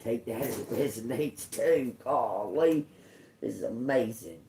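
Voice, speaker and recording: A man reading tarot cards for his viewers, taking his time and turning each word over slowly. He repeats phrases as he goes and calls his listeners y'all. A faint hiss of noise sits under his voice. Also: medium pitch, mellow, rough recording. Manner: slow, musing, repeats words as he reads cards. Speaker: tarot reader.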